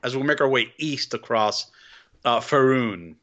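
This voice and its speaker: A man's voice: mid-range voice, unhurried, fairly bright tone, lo-fi sound. A man playing a tabletop game, speaking earnestly and heroically in character. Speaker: player. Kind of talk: tabletop role-play.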